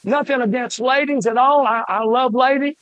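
An older man preaching a fiery sermon, emphatic, with shouted peaks and rhythmic lists. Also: very high-pitched, moderate pace, no room sound, highs cut off.

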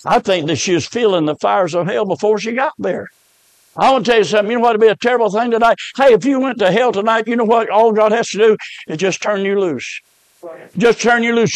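A man preaches a revival sermon, mixing homespun stories with fervent warnings. His voice sits high for a man and sounds dry and close to the mic. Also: no room sound, low-quality recording. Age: 70s.

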